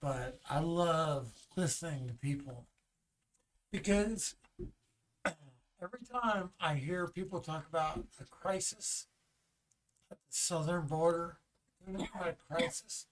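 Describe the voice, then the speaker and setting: A man from the United States, a comedian guest on a podcast, ranting with growing passion, swearing and at times shouting. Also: on the high side, a little slow, pauses often. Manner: impassioned, building to shouting, swears. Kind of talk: casual podcast rant.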